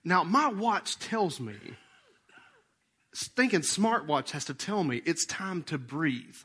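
Animated preacher with twang. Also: male voice, on the high side, slow pace, husky. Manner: lively, conversational preaching with sudden loud emphatic bursts; leads the congregation in breathing exercises. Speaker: pastor. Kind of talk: sermon.

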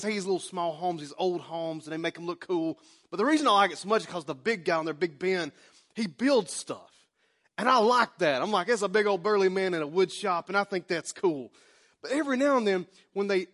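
A pastor in his forties with a drawl delivers a sermon like a casual chat, slipping into little acted-out asides. His voice sits a touch high for a man. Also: fairly bright tone. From Oklahoma. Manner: folksy, conversational preaching with acted-out asides.

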